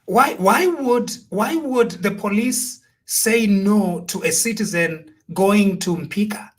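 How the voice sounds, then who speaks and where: Zambian guy ranting about politics, high-ish voice, preachy, lots of rhetorical questions. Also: slow pace. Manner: preachy, rhetorical, switching between Bemba and English. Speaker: political commentator. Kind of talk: impassioned commentary.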